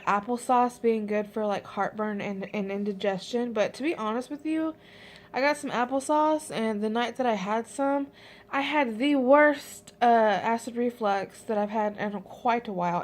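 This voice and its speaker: A young heavily pregnant woman chatting casually in a vlog update, rambling with many ums and likes, a little out of breath. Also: mid-range voice. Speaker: vlogger.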